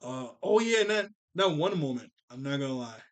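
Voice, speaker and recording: A movie commentary vlogger recaps a film in casual chat, his medium-pitched voice brisk and lively. He rambles, leans heavily on "like" and "you know," and chuckles often.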